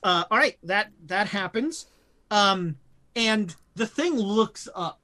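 A woman narrating as game master of a tabletop horror game, halting with fillers and restarts. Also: medium pitch, animated, pushed and bright.

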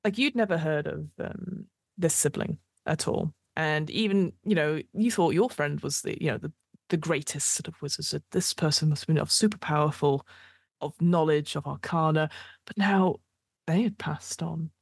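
A woman with a lowish voice narrates an improvised tabletop adventure as game master. She describes scenes at length and meanders through fillers. The sound is dry and close. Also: normal speed, vocal fry, husky, no room sound.

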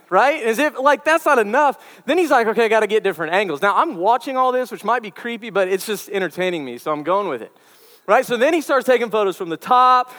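A man's voice: high-pitched, a bit bright, long reverb tail. A man preaching a conversational sermon to college students, telling stories with chatty asides and repeated words. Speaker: campus ministry preacher.

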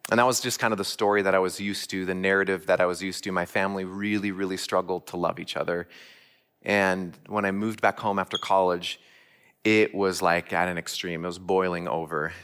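A man's voice: sits low, flat delivery, a little fast, a bit bright, smooth. A man giving a sermon, telling a personal story earnestly and asking the listeners direct questions. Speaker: church speaker.

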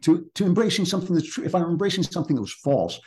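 A man's voice: on the high side, big pitch swings, rapid-fire, warm tone. An older man, a crime novelist, talking earnestly about beauty and truth in an interview, often restarting his sentences. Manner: earnest and searching, with many restarts. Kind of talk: reflective interview talk.

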